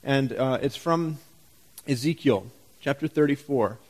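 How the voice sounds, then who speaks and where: A man's voice: medium pitch, measured pace, a little mellow. A man pastor giving a sermon in a church, conversational and full of rhetorical questions and wry humor.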